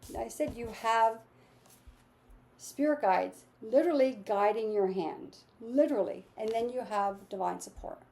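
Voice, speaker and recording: A woman's voice: on the high side, gravelly, mellow. A woman giving a casual, enthusiastic tarot and astrology reading, repeating her affirmations. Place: home with lawnmowers outside.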